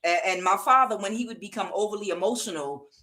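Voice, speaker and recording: A woman talks through a tarot reading in a casual, rambling monologue. Her voice sits mid-pitch with a bright, forward edge. She often pauses on fillers and breaks into laughter. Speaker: tarot reader.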